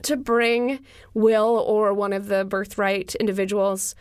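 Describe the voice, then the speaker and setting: A woman co-hosting a podcast, joining a casual book discussion with animated, playful comparisons. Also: mid-range voice, takes it slowly, clear, resonant tone, no room sound, studio quality. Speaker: podcast co-host.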